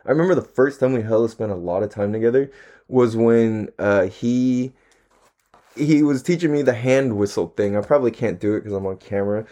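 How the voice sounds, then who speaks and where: A young man casually rambles through a monologue for his own on-camera podcast, recorded at home, using lots of slang, swearing a lot, and laughing often in a laid-back way. His voice is medium-pitched, mellow, and a little fast.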